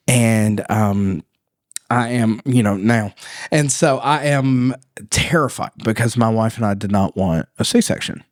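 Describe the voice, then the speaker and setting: A man's voice: fairly low pitch, takes it slowly, no echo, studio quality. A man co-hosting a podcast, telling a story in casual chat and laughing often. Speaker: podcast co-host.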